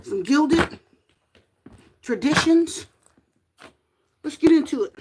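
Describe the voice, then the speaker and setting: A woman hosting a live tarot reading stream, chatting casually and greeting viewers by name in a sing-song, drawn-out way. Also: high-pitched, lively intonation, noisy background.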